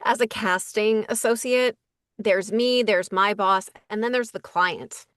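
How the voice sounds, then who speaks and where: A woman's voice: medium pitch, unhurried, no echo. A woman in casting chats easily about her work, piecing her thoughts together as she goes, with plenty of "like" and "um". Her voice sits in a middle range. It is recorded close and dry, with little room sound. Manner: relaxed, thinks aloud with many fillers. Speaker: voice director and casting associate. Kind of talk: casual interview conversation. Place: Los Angeles.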